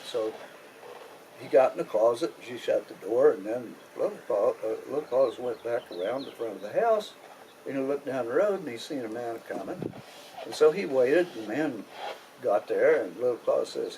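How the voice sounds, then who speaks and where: A man with a Kentucky accent telling a folk tale in a drawling, unhurried style with rural grammar. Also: mid-range voice, lively intonation, mellow, slight background noise, rough recording. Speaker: storyteller. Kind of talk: oral folk storytelling.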